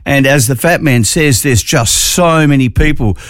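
A man's voice: medium pitch, moderate pace, dry recording. A man with an Australian accent presenting a community radio show in chatty, jokey, upbeat talk from a studio. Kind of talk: casual radio chat.

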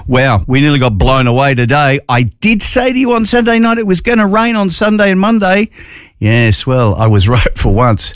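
A man's voice: on the high side, normal speed, smooth, no room sound. A man with an Australian accent presenting a community radio show in chatty, jokey, upbeat talk from a studio. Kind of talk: casual radio chat.

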